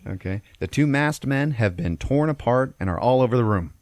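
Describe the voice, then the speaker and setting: A man's voice: medium pitch, expressive, brisk, a little mellow, no room sound, studio quality. A man hosting a podcast, recapping a film in a casual, profane way and checking in with "okay?" after nearly every beat. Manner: profane, peppers lines with "okay?". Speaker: podcast host.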